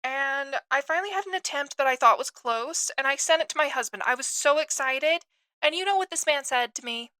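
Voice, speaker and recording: A woman's voice: sits high, a little fast, bright, forceful tone, dry recording, rough recording. A woman hosting a literary podcast, talking in an enthusiastic, self-deprecating way. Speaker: podcast host. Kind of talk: chatty podcast monologue.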